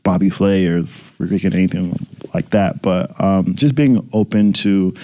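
Mellow-voiced man, casual podcast chat. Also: low voice, measured pace. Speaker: podcast co-host.

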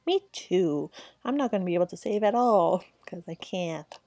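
A woman's voice: fairly low pitch, animated, moderate pace, mellow, no echo. A tired woman giving rambling, giggly commentary while playing a video game. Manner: giggly, rambling, talks to herself. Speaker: let's play gamer. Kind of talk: casual gameplay commentary.

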